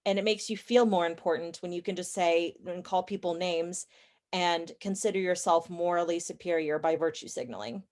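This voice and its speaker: A young adult woman chatting as a podcast guest, opinionated and talkative, with quick asides and self-corrections. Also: on the low side, fairly even intonation, darkish tone. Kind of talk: casual interview chat.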